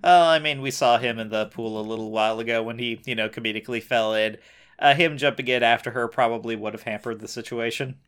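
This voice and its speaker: A man in an easygoing recap chat, talking at an average pitch and riffing sarcastically on what happens. He mocks the plot with dry asides. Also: steady tone, fast, fairly bright tone, clean tone. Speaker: podcast co-host.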